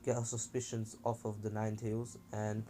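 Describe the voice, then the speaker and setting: A man's voice: on the low side, completely flat delivery, normal speed, warm tone, a little hiss or hum. A man casually narrating a fan-made story as a channel host, chatty and rambling with fillers and slang.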